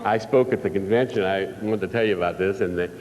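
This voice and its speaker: An older man talks fast in a lowish, darkish voice, giving a live motivational speech in a large hall where he tells folksy stories and questions the crowd. The recording is muffled, distant and full of hall reverb.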